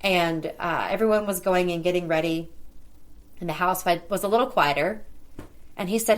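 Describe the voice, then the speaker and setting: A middle-aged woman with a slightly lower pitch tells a personal story as a podcast host. She sounds conversational and relaxed, and she animates the remembered dialogue as she goes. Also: moderate pace. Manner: conversational, lively retelling of dialogue.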